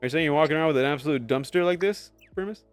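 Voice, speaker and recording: A man's voice: fairly high pitch, racing, soft background music. A young man live-streaming a game, chatting with viewers in a joking, sarcastic way and swearing casually.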